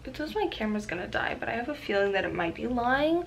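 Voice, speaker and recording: A young woman rambling casually in a makeup vlog, profane and excitable with lots of fillers, recorded on a camera mic at home. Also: fairly high pitch, quick pace, vocal fry, slight background noise. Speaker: beauty vlogger.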